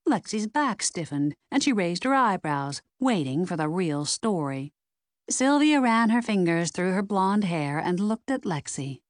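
A woman narrating a mystery novel in an expressive, measured reading. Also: lowish voice, no room sound, clean studio sound. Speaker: audiobook narrator.

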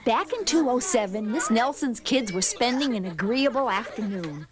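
A woman reading a children's storybook aloud, expressive and deliberate. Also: a little high, over music.

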